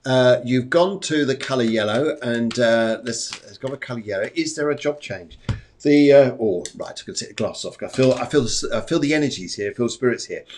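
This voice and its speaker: A man with a mid-range, darkish voice talks a little fast over slight background noise. He's hosting a live-streamed psychic medium show from home during a storm, chatting casually, rambling, and often repeating his phrases between readings.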